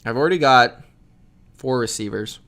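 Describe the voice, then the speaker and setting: A man hosting a live football reaction stream, reading viewer chat aloud and commenting in a loud, slangy, casual way. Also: medium pitch, moderate pace. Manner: loud, self-described yeller, slangy with frequent "bro".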